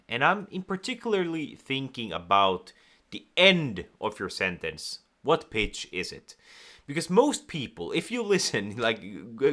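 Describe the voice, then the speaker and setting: A man speaking as a communication coach, giving direct-to-camera advice in an animated way and acting out nervous and calm examples. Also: on the low side.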